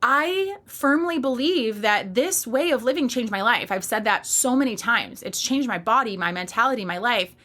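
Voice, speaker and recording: A woman in her thirties speaks straight to her listeners in a solo podcast monologue. Her voice is bright and forward, and her delivery is emphatic, candid and fired up. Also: a little high, expressive, moderate pace, few pauses. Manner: passionate, emphatic, candid with casual swearing. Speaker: podcast host and fitness coach.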